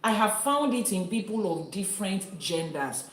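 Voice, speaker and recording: A woman's voice: mid-range voice, expressive, moderate pace. A woman from Nigeria hosting a live-stream teaching, talking earnestly and emphatically to her viewers and reading their comments. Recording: echoey room.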